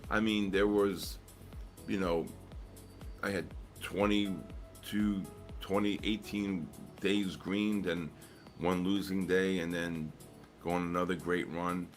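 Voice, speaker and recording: Deep voiced middle-aged guy rambling about trading, lots of ums, faint music in the back. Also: steady tone, takes it slowly. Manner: rambling storyteller, many fillers and restarts. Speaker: trader on a live stream. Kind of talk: casual chat.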